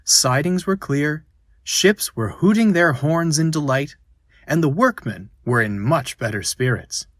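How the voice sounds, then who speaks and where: Guy reading a kids story slowly, husky voice, dry close mic. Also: fairly high pitch, animated, fairly bright tone, no echo. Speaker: narrator. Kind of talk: storybook narration.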